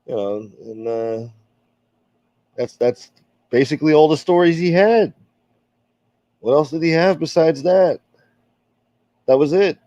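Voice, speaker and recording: A man's voice: fairly high pitch, measured pace, long pauses, dark tone, dry recording, lo-fi sound. A man hosting a casual livestream chat and reading out viewer comments, crude and joking. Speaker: livestream host.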